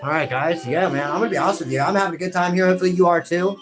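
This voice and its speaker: A man with a notably high voice hosts a game stream in relaxed banter, chuckling and calling his friend buddy. Music is clearly audible behind him. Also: very fast. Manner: laughs a lot, calls the other "buddy". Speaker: host. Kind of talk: casual let's-play banter.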